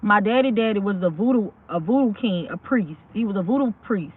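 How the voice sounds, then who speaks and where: A woman's voice: medium pitch, animated, fairly quick, slightly rough. A woman casually telling a true story, rambling and often checking in with her listeners. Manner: rambling, keeps asking "you know what I'm saying". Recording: tinny phone-like audio.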